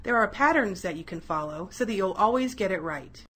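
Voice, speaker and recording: A woman giving scripted educational narration for children, clear and encouraging, sounding out words in pieces. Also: medium pitch, animated, a little fast, a bit bright. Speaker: instructional narrator.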